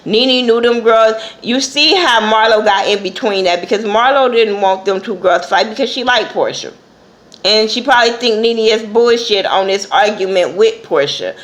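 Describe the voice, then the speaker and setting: A woman with a somewhat high voice gives her blunt take on a TV episode, swearing freely. She talks in a casual, loose vlog style, acting out what others said. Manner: blunt and profane, acts out quotes. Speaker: TV episode reviewer.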